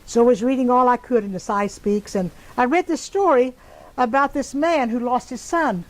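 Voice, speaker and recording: An older woman telling a personal story in an interview, pausing often with fillers and restarts. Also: fairly high pitch, poor audio. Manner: halting, many fillers and restarts. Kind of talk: casual spoken recollection.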